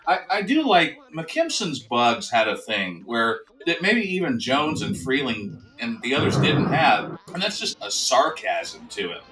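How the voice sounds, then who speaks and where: A man co-hosting a cartoon review over a computer call, with an enthusiastic, animated delivery. His voice is bright and lively, and it sounds a little distant from the mic. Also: mid-range voice, measured pace, hardly any pauses. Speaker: co-host of a cartoon review show. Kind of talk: casual review chat.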